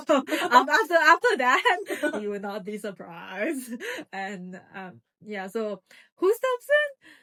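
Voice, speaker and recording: A young woman with a slightly high voice chats about a book she just read. She rambles with excitement, stops and restarts her sentences, and talks over her co-host in loose, casual review talk. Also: slow.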